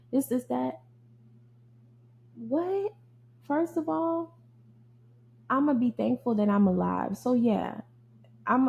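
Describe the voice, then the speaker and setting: A young woman hosting a podcast rants casually in a monologue, blunt, animated and heavy on profanity, calling her listeners y'all. Her voice is fairly high with vocal fry. The recording is low quality, with a little hiss or hum.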